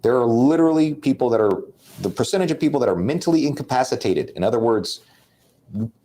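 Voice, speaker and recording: A man's voice: medium pitch, lively intonation, quick pace, mellow. A man co-hosting a sales talk show, talking bluntly and making his points like a lecture. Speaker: podcast co-host.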